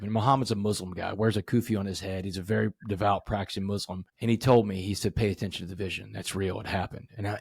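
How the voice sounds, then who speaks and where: A man's voice: fairly low pitch, vocal fry, breathy edge, no room sound, studio quality. A middle-aged man from Southeast Texas, a podcast guest telling a vivid personal story in earnest, full of quoted dialogue.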